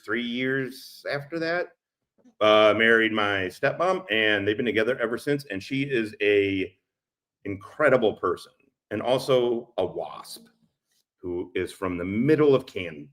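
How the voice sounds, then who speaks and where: A man's voice: lowish voice, measured pace, fairly bright tone. A man telling rambling, profane stories on a live stream, laughing often, through a laptop's built-in mic. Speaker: streamer reacting to clips. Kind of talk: casual live-stream storytelling.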